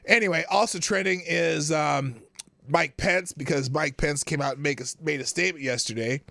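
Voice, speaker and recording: A man hosting a live political talk show, reading quotes aloud and reacting with incredulous, animated commentary. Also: a little high, moderate pace, vocal fry, no echo, clean studio sound.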